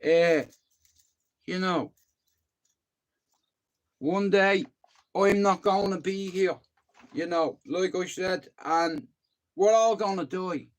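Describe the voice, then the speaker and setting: A man's voice: high voice, slow, long pauses. An Irish man in his fifties, chatting on a livestream in a rambling way, often repeating himself and swearing casually. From Ireland. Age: 50s. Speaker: YouTube livestreamer.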